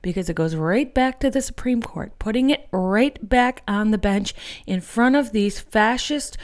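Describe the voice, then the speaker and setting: A woman hosts an activist podcast, delivering an angry, profane political monologue and rallying listeners as if they were friends. Her voice is mid-range and unhurried.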